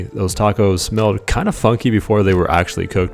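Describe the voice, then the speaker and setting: Deep-voiced man, playful cooking voice-over. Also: brisk, hardly any pauses, soft background music. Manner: playful, jokey asides. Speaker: cooking channel host.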